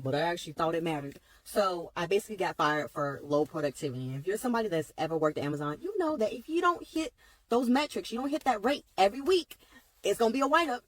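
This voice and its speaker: A woman's voice: fairly low pitch, rough recording. A woman venting in a casual vlog, blunt and profane, with emphatic rhetorical questions. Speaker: former warehouse worker.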